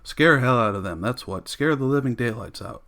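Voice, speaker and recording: Ein aufgebrachter Feuerwehrmann, von einem männlichen Vorleser gesprochen, drängend und empört, in einer Hörbuchlesung mit mittelhoher Männerstimme. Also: male voice, medium pitch, expressive, normal speed, pushed and bright. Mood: defiant. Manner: urgent, outraged outbursts. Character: agitated grown man, defiant fireman.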